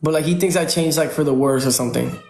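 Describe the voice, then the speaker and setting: A man's voice: fairly high pitch, fast talker, creaky, a little mellow, echoey room. A man livestreaming from home, pleading with viewers over and over and thanking them by name. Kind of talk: casual livestream chat. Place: home room.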